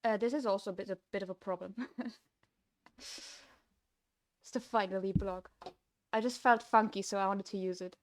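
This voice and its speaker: A woman's voice: medium pitch, steady tone, quick pace. A young woman streaming her game development, talking to herself while she codes, swinging from frustrated to gleeful. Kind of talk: casual livestream commentary while coding.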